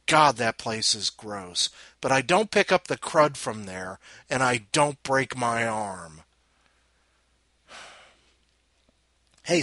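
A man hosting a podcast, tired and sarcastic, swinging from loud outbursts to muttering. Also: mid-range voice, dry recording. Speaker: podcast host. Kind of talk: casual rant.

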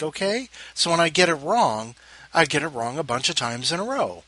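A male podcast host with a bright, forceful voice that swoops up and down a lot. He rambles through casual chat with self-mocking asides. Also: a little high, very animated, normal speed, dry recording.

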